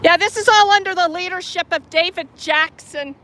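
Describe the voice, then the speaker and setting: High, bright-voiced heckling woman outdoors. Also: normal speed, slight background noise. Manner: profane, heckling and sarcastic. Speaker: street activist filming police. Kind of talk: confrontational street filming. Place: outdoors on a city street.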